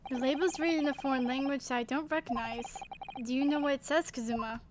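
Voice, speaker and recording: A woman's voice: high voice, fast talker, background noise, natural voice. A woman voicing an earnest young male defense lawyer as she reads game dialogue aloud.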